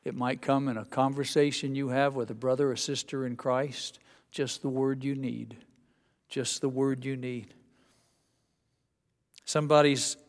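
Male pastor, slightly higher voice, folksy conversational preaching, long church reverb. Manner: conversational, folksy, with frequent restarts. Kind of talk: sermon. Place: church sanctuary.

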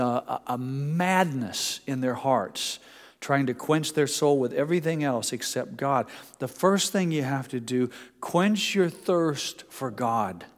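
A man preaching a sermon in a conversational way, often slowing down and dropping to a hush for emphasis. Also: mid-range voice, in a large hall. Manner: conversational preaching with many restarts, slows and hushes for emphasis. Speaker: pastor.

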